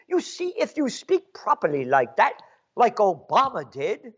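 A man's voice: high voice, huge pitch swings, measured pace, slightly rough, lo-fi sound. A man delivering an angry, sarcastic political rant as a commentator. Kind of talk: ranting monologue.

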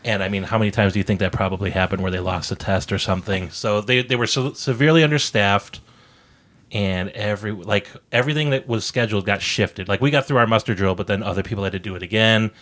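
A man's voice: lowish voice, fast, fairly bright tone. A man co-hosting a podcast, telling a travel story in a casual, joking way. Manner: laid-back, joking, acts out quotes. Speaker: podcast co-host.

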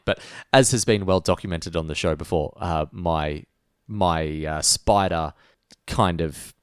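A man's voice: low voice, smooth, no echo, studio quality. A young Australian man co-hosting a podcast, telling rambling stories with plenty of fillers. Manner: rambling storyteller, frequent fillers. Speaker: podcast co-host. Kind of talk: casual chat.

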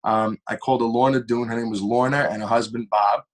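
A young man, a singer telling stories as a podcast guest in a lively, animated way. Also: fast talker, a crowd in the background. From Long Island, New York. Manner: animated storyteller with shifting pitch and pace. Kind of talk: casual storytelling interview.

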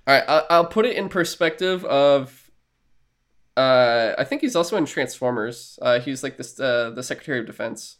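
A man's voice: medium pitch, lively intonation, normal speed, a bit bright. A man co-hosting a podcast in casual chat, rambling and joking with casual swearing. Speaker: podcast co-host.

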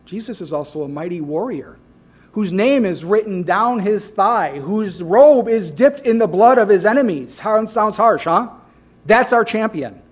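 A man preaches a sermon in a high voice. He swings between loud, emphatic declarations and hushed, quiet asides. His pitch stays up for a man, and he leans hard on key phrases. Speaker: pastor.

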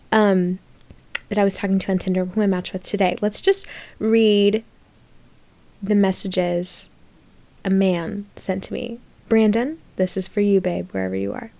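A woman's voice: medium pitch, a little mellow. A young woman tells a dating story in a loose, casual monologue. She sounds sarcastic and exasperated, and her voice jumps up in mock outrage. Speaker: podcast host.

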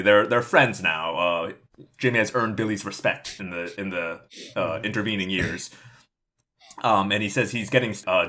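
A man casually narrating a comic movie pitch, rambling with lots of fillers. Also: pushed and bright. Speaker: podcast co-host pitching a movie. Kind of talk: casual comedic storytelling.

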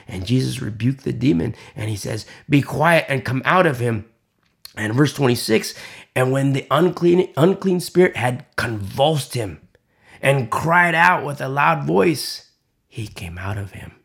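A man preaching a sermon, swinging from loud emphatic lines to hushed whispers. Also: medium pitch, vocal fry, husky. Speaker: pastor.

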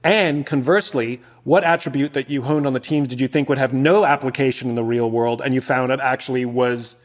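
A man co-hosting a podcast, asking a question slowly and with some hesitation. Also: medium pitch, steady tone. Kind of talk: casual conversational questions.

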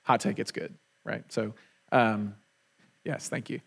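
A man's voice: lowish voice, fairly even intonation, a little slow, creaky, fairly bright tone, husky. A man preaching a sermon to a congregation, earnest and emphatic, often repeating words for weight. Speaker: pastor.

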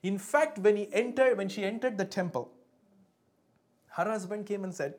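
A woman's voice: mid-range voice, moderate pace, darkish tone. A woman preaching a sermon with call and response, fervent and building, breaking into speaking in tongues.

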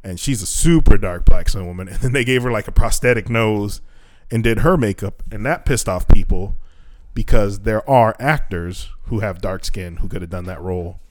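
Profane, animated man telling stories. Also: fairly low pitch, moderate pace. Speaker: podcast co-host. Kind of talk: casual chat. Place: Japan.

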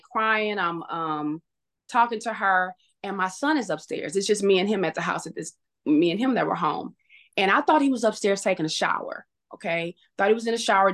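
A woman guest on a podcast, telling a painful personal story in an emotional, halting way, full of restarts. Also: medium pitch, fairly bright tone.

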